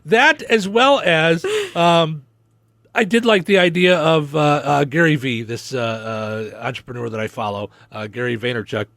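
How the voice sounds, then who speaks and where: A man's voice: on the high side, moderate pace, creaky, fairly bright tone, dry recording, studio quality. A man from Chicago with a Chicago accent, co-hosting a casual talk show and bantering playfully with plenty of fillers. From Chicago area. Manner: playful, joking, lots of fillers. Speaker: co-host.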